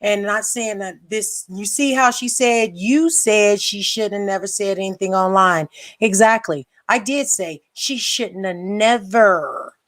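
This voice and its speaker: A woman's voice: mid-range voice, unhurried, a bit bright. A woman hosting a livestream, ranting angrily and bluntly with profanity and repeated lines. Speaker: livestream host. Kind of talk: heated livestream rant.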